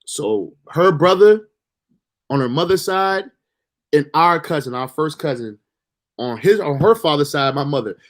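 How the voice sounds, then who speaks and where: A man with a somewhat high voice tells a story from his own life. He is emotional and near tears. He halts and restarts often. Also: animated. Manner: halting, full of fillers and restarts. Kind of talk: personal storytelling monologue.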